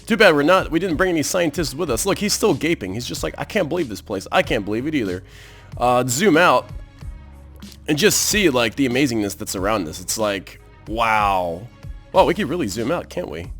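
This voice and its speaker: Guy doing let's play commentary, kinda high voice, really lively up and down, gets all excited at the screen. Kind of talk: gameplay commentary.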